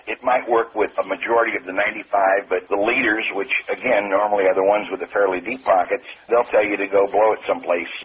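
A man's voice: on the low side, steady tone, fast talker, hardly any pauses, slightly rough. A man who trains salespeople, telling folksy, confident stories in an interview. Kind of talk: storytelling interview answers. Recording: phone-like lo-fi line.

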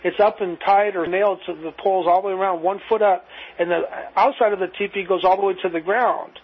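A man's voice: high voice, fairly even intonation, fast talker, slightly rough. A man spinning a long, rambling anecdote as an interview guest, acting out both sides of the dialogue. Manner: rambling, acts out dialogue with "I says". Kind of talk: anecdotal storytelling. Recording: muffled lo-fi recording.

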